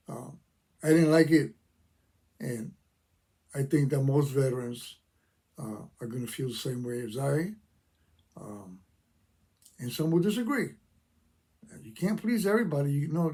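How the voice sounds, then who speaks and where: Older man, veteran vlogger, passionate emphatic rant, slightly higher voice. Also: expressive, moderate pace, long pauses, warm tone, husky. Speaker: veteran YouTuber. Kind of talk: opinion rant to camera.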